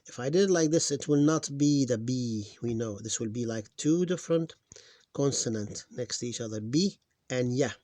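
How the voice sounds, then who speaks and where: A man teaching reading, slowly sounding out syllables one at a time, recorded on a close mic. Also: medium pitch, mellow, no echo. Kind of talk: screen-recorded phonics lesson.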